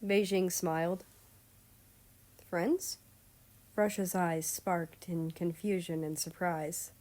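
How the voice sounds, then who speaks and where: A woman reading a fan story aloud in calm, measured narration. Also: fairly low pitch. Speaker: story reader.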